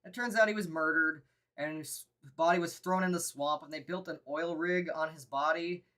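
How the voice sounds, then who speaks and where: A woman's voice: low voice, steady tone, normal speed, a bit bright. A woman co-hosting a live horror movie review, chatting casually and laughing often between rambling remarks.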